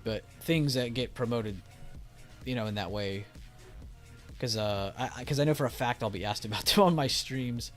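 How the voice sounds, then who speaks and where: Faint music plays while a young man casually chats on his stock trading live stream, reading chat and talking loosely with restarts. His voice is mid-range and his pace moderate.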